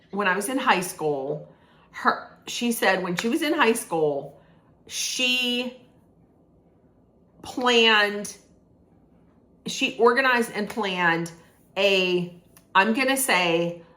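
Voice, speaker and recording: A woman's voice: medium pitch, fairly bright tone. A woman casually recapping a film's plot as a reviewer, rambling with restarts and lots of "like". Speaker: movie reviewer. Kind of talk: casual spoiler recap of a film.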